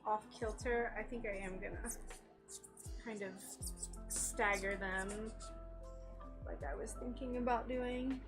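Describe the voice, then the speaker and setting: Over music, a woman with a fairly high, fairly even voice speaks slowly with long pauses, hosting a craft livestream from her home workshop in Florida. She chats casually while working, giggling often as she reads viewer comments.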